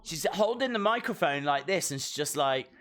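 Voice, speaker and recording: A man giving excitable, jokey live commentary while watching a show along with viewers. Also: on the high side, normal speed. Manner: excitable, jokey, talks to himself. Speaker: live stream reactor.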